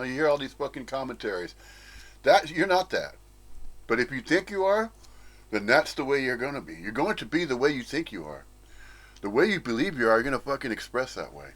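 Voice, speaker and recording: A man's voice: medium pitch, a bit bright, slightly rough. A man giving a blunt, profane, emphatic monologue on spiritual teachings. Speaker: spiritual commentator. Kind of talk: ranting monologue.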